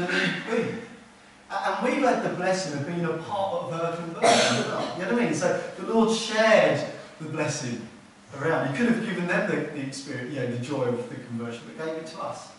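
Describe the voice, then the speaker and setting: A pastor delivers an earnest, conversational sermon in a church hall, repeating words to hammer his points home. His fairly bright voice is slightly high for a man and is recorded from a distance, sounding set back from the mic. The hall is very echoey, with faint hiss underneath.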